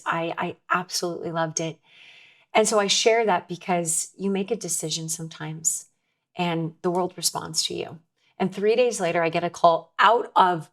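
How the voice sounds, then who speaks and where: A woman's voice: lowish voice, fairly even intonation, moderate pace. A woman guest telling a personal story in an earnest, candid way, often restarting her sentences. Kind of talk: conversational storytelling.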